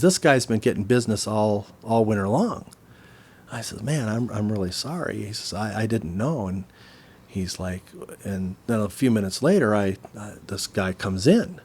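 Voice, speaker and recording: A man, co-hosting a podcast and telling a story in a casual, animated way, acting out the voices of the people in it. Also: on the low side, normal speed, husky. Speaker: podcast co-host.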